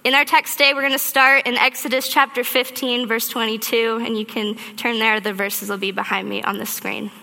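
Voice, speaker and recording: Bright-voiced woman preaching in a hall. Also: fairly high pitch, a little fast, vocal fry, few pauses. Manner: animated storytelling, acts out her own thoughts. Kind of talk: sermon. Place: church auditorium. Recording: reverberant hall.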